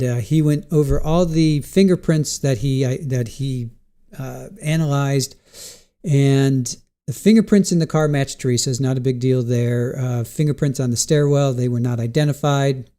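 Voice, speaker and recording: A man's voice: mid-range voice, dark tone, clean tone. A man hosting a casual live stream, thinking aloud about trial testimony, restarting sentences and answering chat questions. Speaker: live trial commentary host.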